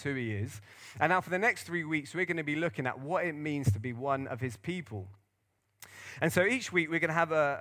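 A male pastor preaching a sermon to his congregation in an earnest, animated storytelling manner. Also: on the high side.

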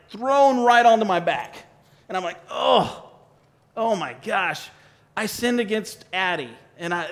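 A man's voice: high-pitched, fairly bright tone. A man in his forties, a pastor giving a joking, conversational sermon to his congregation on a worn mic. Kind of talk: sermon with a live demonstration. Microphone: wearing a mic. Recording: long reverb of a large hall.

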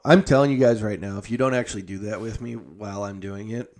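A man hosting a podcast, ranting casually with lots of swearing, then leading a mock-calm breathing exercise. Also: on the low side, fast. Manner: profane, animated ranting that shifts into a mock-calm guided breathing bit. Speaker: podcast host.

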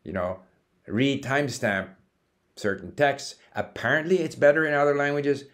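A man's voice: medium pitch, animated, moderate pace, fairly bright tone. A man talking in a casual, thinking-aloud monologue about language learning, with frequent fillers and restarts. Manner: thoughtful, musing, with many fillers and restarts. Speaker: language-learning app founder.

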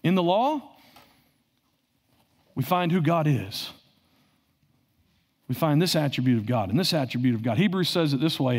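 Man, pastor, high voice, very animated pitch, repeats phrases for emphasis. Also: moderate pace, pauses often, slightly rough. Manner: asks the congregation questions, repeats phrases for emphasis. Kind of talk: sermon.

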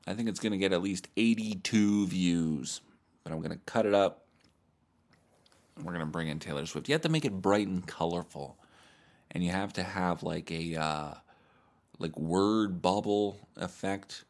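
A man hosting a podcast, rambling through a crude, profane comedic monologue in a deadpan, mock-serious way. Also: low-pitched, normal speed. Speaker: podcast host.

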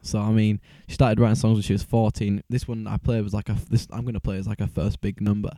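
A man's voice: lowish voice, flat delivery, fast talker, dark tone, no room sound. A man who is a guest singer and guitarist, chatting easily and laughing often. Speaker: guest musician. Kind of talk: casual chat.

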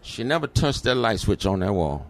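Middle-aged man, interview guest, animated storyteller, lowish voice. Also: moderate pace.

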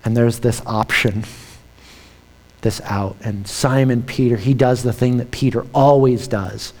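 A male pastor preaching a dramatic sermon, swinging from hushed lines to shouted ones. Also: medium pitch, steady tone, unhurried, in a large hall.

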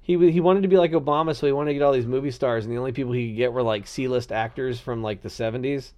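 A man's voice: medium pitch, fast, a little mellow. A man co-hosting a casual political chat podcast, rambling with hesitations and going into comic rants.

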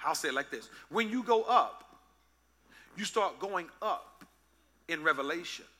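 Male pastor, high voice, AAVE, playful sermon delivery with sung bits. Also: lively intonation, measured pace, pushed and bright. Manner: playful, joking with the congregation, singing in bits.

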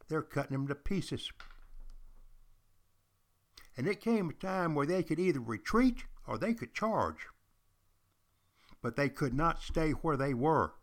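With the manner of a longtime teacher, an older podcast host recounts history as a storytelling lecture, addressing listeners directly and repeating key points for emphasis. His pitch is ordinary for a man, with a slightly bright tone.

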